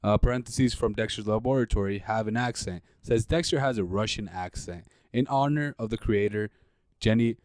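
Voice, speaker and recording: Low-voiced young man, dry close sound. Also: darkish tone, no room sound. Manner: laid-back, rambling, quick to laugh. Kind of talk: casual chat.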